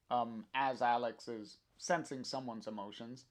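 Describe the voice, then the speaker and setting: A man's voice: medium pitch, slow, pauses often, clean tone. A man reading a comic aloud on a stream, narrating the panels hesitantly with many fillers.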